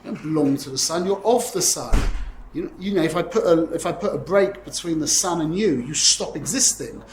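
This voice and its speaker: A man teaching a lively Torah class to students, animated and quick to correct himself, using Hebrew and Yiddish terms. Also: on the high side, reverberant, slight background noise, poor audio.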